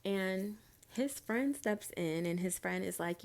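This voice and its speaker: A woman's voice: medium pitch, lively intonation, slow. A young woman vlogger telling a storytime tale in a chatty, exasperated way, speaking straight to her viewers. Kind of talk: storytime vlog.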